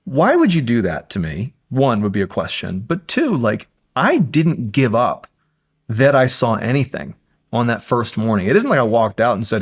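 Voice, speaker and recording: A man's voice: medium pitch, big pitch swings, moderate pace, slightly rough. A man, a podcast guest, telling a suspenseful true story in casual conversation, building tension and often saying "like".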